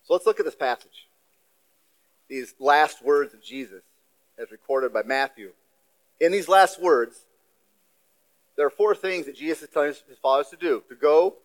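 A man with a fairly high voice delivers a sermon in a church. He preaches in an easy, conversational way and drops in offhand asides, as a guest speaker would. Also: rough recording. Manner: conversational, self-deprecating asides.

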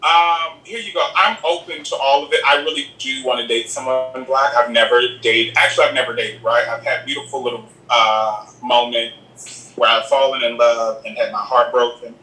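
A man speaking as an interview guest in a casual, sassy, animated chat, calling the listener "girl". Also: mid-range voice, moderate pace. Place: home in Los Angeles. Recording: echoey room, distant from the mic.

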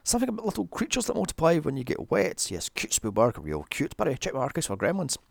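Gravelly, exasperated male film ranter. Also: a little high, wildly swooping pitch, fast, dry recording. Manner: exasperated, profane, mocking. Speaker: movie reviewer. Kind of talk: sarcastic comedic film recap.

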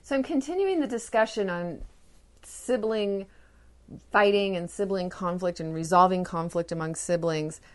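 A woman's voice: fairly low pitch, moderate pace. A woman hosting a parenting podcast, explaining patiently in solo talk and acting out short lines of children and parents in her examples.

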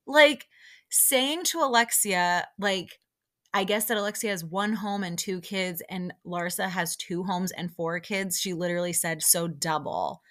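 A young woman talking casually as a podcast host, opinionated and chatty, with lots of fillers. Her pitch sits a little below the usual. She often slips into quick impressions of the people she quotes. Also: fairly even intonation, fairly bright tone. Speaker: podcast host recapping a reality show. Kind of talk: casual chat.

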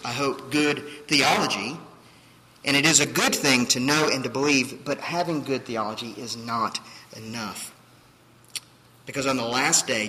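A man's voice: medium pitch, pushed and bright, slight background noise. A man preaching a sermon as pastor, emphatic, with fillers and acted-out quotes. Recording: distant hall reverb, faint ambience.

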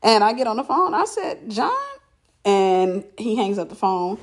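A woman telling a personal story in casual chat, animated and repeating herself for emphasis. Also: mid-range voice, normal speed.

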